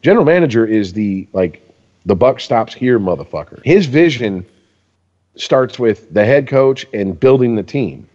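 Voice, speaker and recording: A man's voice: medium pitch, a little slow, long reverb tail, lo-fi sound. A man ranting in profane casual sports chat as a podcast co-host. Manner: ranting, heavy swearing, animated.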